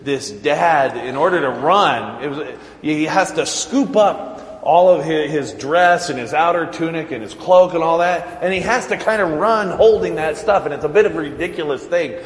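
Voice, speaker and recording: A man's voice: a little high, moderate pace. A man preaching a sermon as pastor, talking in a conversational, joking way and laughing often. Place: church sanctuary. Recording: echoey church hall reverb.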